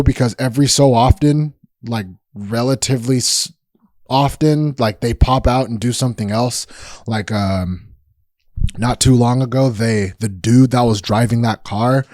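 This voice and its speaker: A man's voice: mid-range voice, measured pace, mellow, dry recording. A man hosting a podcast, telling a story in a casual, rambling and profane way with sudden emphatic outbursts. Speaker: podcast host.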